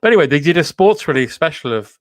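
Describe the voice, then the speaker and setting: A man's voice: fairly high pitch, animated, quick pace, dry recording. A man co-hosting a comedy podcast, riffing playfully in casual banter. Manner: riffing, playful, mock-broadcaster asides.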